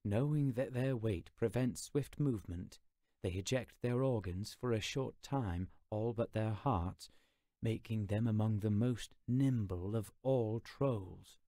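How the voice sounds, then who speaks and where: A man's voice: on the low side, slow, warm tone, no echo, clean studio sound. A man voicing a fussy, formal scholarly troll. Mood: admiring. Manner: formal, elaborate diction.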